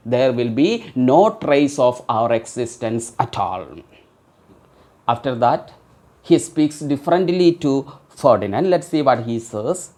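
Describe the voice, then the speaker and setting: A woman with a notably deep voice teaches an online literature class. She reads quoted verse slowly and deliberately, then goes back over it phrase by phrase in plain words. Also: a little mellow. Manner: reads lines then explains them word by word.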